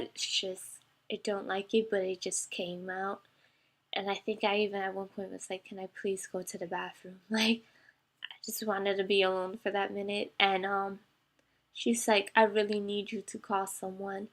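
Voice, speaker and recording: A young woman speaks straight to her viewers in a casual storytime. Her voice wavers as she holds back tears, and she often stops and restarts with "um" and "like". Her pitch sits in a middle range for a woman. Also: flat delivery. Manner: tearful, halting, many fillers. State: emotional, close to crying. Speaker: vlogger. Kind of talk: personal storytime to camera.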